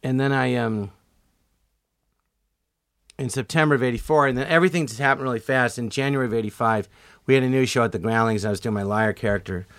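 A middle-aged man telling stories as a comedian guest in an interview, acting out quotes with sudden jumps in pitch. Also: fast talker, long pauses, fairly bright tone, no room sound, studio quality. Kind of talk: storytelling interview.

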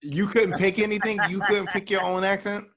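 A man's voice: high voice, flat delivery, normal speed, a bit bright. A young man hosting a podcast, teasing and joking with his guest in a loose, profane way. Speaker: podcast host. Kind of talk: casual chat.

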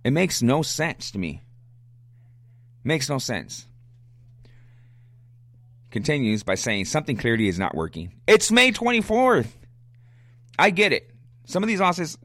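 A man hosts a solo sports podcast, ranting bluntly, arguing back at listeners' questions, repeating himself and coughing now and then, all in a fired-up way. His mid-range voice is a bit bright, with no room sound.

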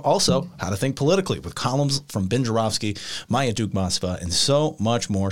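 Playful, energetic male announcer. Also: medium pitch, fairly quick. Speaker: podcast co-host and producer. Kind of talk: upbeat show promo and intro. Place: home attic.

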